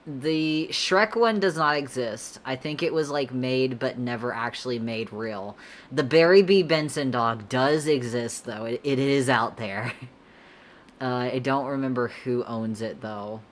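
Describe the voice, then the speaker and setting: Young woman artist streamer, very deep voice, slow easy delivery, giggly and rambling. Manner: laid-back, rambling, giggly, slangy. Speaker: artist streamer answering chat. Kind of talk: casual livestream chat while drawing.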